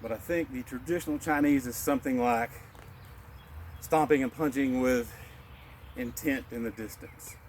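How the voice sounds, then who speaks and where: A male martial arts instructor leading a qigong class, calmly cueing each breath in and out and explaining the moves in a relaxed way. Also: medium pitch, normal speed, long pauses, slight background noise.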